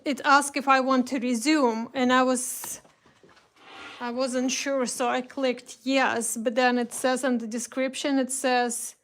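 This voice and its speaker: A woman's voice: high voice, a bit bright. A woman hosting a craft livestream, chatting casually, greeting viewers by name and rambling with restarts. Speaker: craft shop host.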